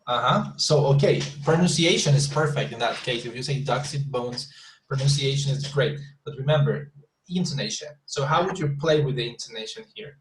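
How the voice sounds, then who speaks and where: A man teaching an online English class, patiently repeating example sentences slowly with the stress moved around. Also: mid-range voice, expressive, slight background noise, rough recording.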